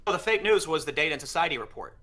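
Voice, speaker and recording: A man with a bright, forceful voice rattles through a story at a quick clip, acting out each exchange as he goes. The talk is loose and conversational. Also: fairly high pitch. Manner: fast, animated anecdote-telling with quoted exchanges. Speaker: podcast guest. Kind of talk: casual storytelling chat.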